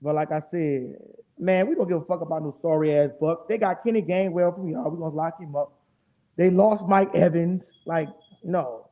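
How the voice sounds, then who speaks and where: Fired up guy with a high voice ranting about his team, cussing a lot, sounds like it's over a phone line. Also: moderate pace. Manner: animated, profane trash talk. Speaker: fan show host. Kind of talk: casual sports talk stream. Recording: tinny phone-like audio.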